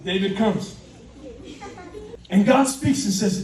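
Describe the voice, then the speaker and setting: A man telling a Bible story as a lively sermon, animated and laughing, calling on the audience to repeat words. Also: high voice, slow, pauses often. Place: large indoor hall. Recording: echoey hall from far off.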